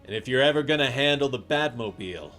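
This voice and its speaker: A man's voice: medium pitch, lively intonation, fast, bright, forceful tone, faint music behind. A man voicing a stern, fatherly male vigilante who has a dry humor.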